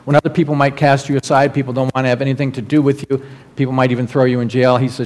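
Male pastor, mid-pitched, earnest, conversational sermon delivery with fillers, recorded with long church-hall reverb. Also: level tone, very fast, a little mellow. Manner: earnest, conversational preaching with frequent fillers and restarts. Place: church sanctuary.

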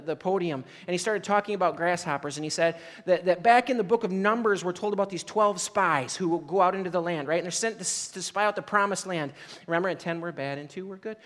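A man's voice: high voice, long reverb tail. A man preaching a sermon as a pastor, telling stories in a casual, conversational way and often checking in with "right?". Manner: conversational storytelling, frequent "like" and "right?".

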